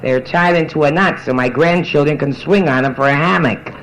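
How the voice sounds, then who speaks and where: A woman's voice: low voice, brisk, heavy background noise. Brassy older woman doing bawdy stand-up. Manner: brassy, teasing banter with the crowd. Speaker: stand-up comedian. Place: nightclub stage. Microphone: handheld steel mic. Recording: roomy live club recording with audience.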